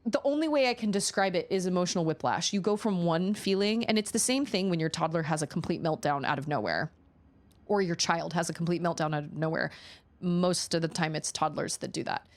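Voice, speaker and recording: A woman in her thirties streaming from home, telling stories in a chatty, animated way. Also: on the low side, a little fast. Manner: chatty, animated storytelling with many fillers. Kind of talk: casual chat.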